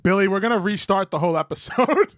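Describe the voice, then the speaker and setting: A man's voice: sits high, lively intonation, very fast, fairly bright tone, no room sound, studio quality. A young man co-hosting a podcast, teasing and laughing through rowdy casual banter. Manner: laughs often, hyped and teasing. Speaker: podcast co-host.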